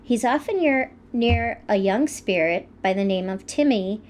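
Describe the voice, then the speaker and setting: A woman co-hosting a podcast, telling stories in a relaxed way with fillers. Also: medium pitch, a little slow, a little hiss or hum. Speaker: podcast co-host. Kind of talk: casual storytelling chat.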